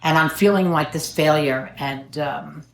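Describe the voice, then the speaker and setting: Her voice low and gravelly, a middle-aged woman gives her personal recovery talk as an AA speaker at a measured pace. She's wry and self-mocking, joking throughout, and the meeting room around her is echoey.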